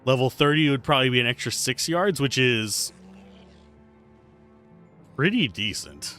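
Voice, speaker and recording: A man's voice: medium pitch, expressive, measured pace, pushed and bright, soft background music. A man casually commentating while he plays a video game on a livestream, chatty and playful as he thinks aloud. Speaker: streamer playing a video game.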